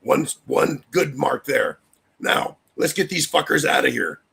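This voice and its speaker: A man with an extremely gravelly, raspy voice delivers a heated, profane political rant on his livestream. His pitch swings widely as he talks straight to viewers in the chat, and the harsh rasp never lets up. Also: animated, a little slow, fairly bright tone. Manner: addresses chat viewers directly. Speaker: livestream host.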